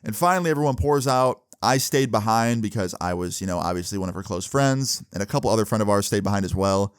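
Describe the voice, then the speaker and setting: A man's voice: lowish voice, lively intonation, quick pace, smooth, no echo, studio quality. A young man telling a personal story in a casual, chatty way, with lots of fillers and swearing.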